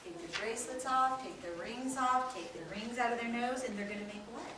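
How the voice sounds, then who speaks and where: Animated woman teaching kids, echoey room. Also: a little high, fairly quick, crowd noise. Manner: expressive storytelling, quizzing the children. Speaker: children's Bible teacher. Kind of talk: animated Bible lesson for kids. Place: classroom with children. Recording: echoey room, far from mic, noisy.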